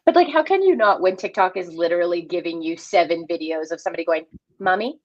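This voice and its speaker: Wry fast woman co-host, dull audio. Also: fairly low pitch. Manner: wry, joking. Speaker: podcast co-host. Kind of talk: casual recap chat.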